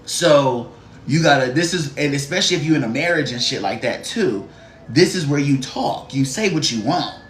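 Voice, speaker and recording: A man's voice: a little high, lively intonation, normal speed, slight background noise. A man giving a live-stream card reading, blunt, profane and sassy, talking straight to the viewer and greeting chatters. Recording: roomy echo.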